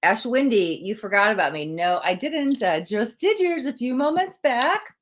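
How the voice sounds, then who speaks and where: A woman's voice: on the high side, very animated, moderate pace. A woman hosting a live tarot stream, chatting casually and reassuringly as she reads viewer comments aloud.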